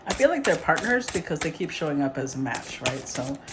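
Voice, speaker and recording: A woman giving a casual, rambling tarot reading, chatty and quick to laugh. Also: low-pitched, sing-song, background noise. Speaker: tarot reader.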